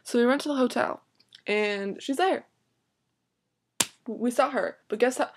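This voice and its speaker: A woman's voice: on the high side, measured pace, a little hiss or hum. A young woman vlogger telling a story casually, dramatic and exasperated, swearing freely and filling her talk with "like".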